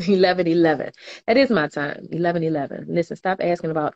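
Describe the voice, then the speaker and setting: A woman's voice: lowish voice, fairly quick, darkish tone, lo-fi sound. Chatty young woman reading comments. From New Orleans, US. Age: 20s. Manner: chatty, laughs often, slangy, reads comments aloud. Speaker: livestream host. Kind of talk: casual livestream chat reading viewer comments.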